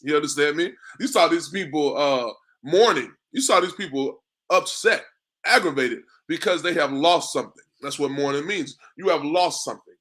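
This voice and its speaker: Bright-voiced street preacher, repeating himself. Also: male voice, a little high. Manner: repetitive, asks "you understand me?" often; conversational, drops in "man" and "bro". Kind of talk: street sermon to a class.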